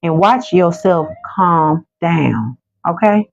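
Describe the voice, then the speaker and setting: Low-voiced woman giving emphatic spiritual advice. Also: vocal fry. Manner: emphatic and repetitive, slows down for calming affirmations. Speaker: spiritual card reader on a livestream. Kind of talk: motivational livestream chat. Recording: dull lo-fi sound.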